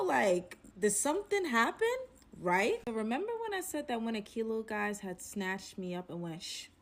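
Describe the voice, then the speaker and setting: A young adult woman casually narrating a personal story to her viewers, animated and chatty, calling them "y'all" and leaning on "like". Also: fairly high pitch. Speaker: storytelling vlogger.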